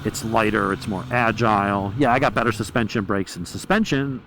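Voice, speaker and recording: Chatting casually while riding, a motorcycle vlogger talks quickly with hardly any pauses in a lowish, fairly even voice. The helmet-mic recording is rough, with loud wind and road noise, and his stories ramble bluntly and profanely.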